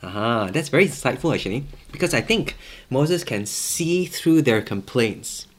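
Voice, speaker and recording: A man delivering a relaxed sermon at home in a mid-range voice. He talks in a conversational way and repeats key words for emphasis. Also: mid-range voice, normal speed. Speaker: pastor. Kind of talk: casual sermon.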